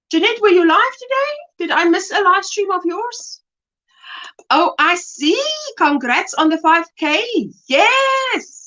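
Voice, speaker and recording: Greeting viewers by name and laughing often, a woman from South Africa hosts a casual crochet live-stream chat. Her voice sits high with a fairly bright tone, and the webcam recording is muffled.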